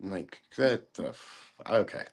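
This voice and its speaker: Middle-aged man, low voice, podcast guest; profane, animated storyteller who acts out quotes. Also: a little slow, creaky. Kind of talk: casual storytelling chat.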